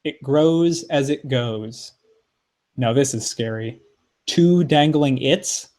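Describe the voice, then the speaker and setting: A man co-hosting a podcast, reading a poem aloud with expressive phrasing and playful asides. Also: medium pitch, slow. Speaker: podcast co-host. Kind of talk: podcast poetry reading and discussion.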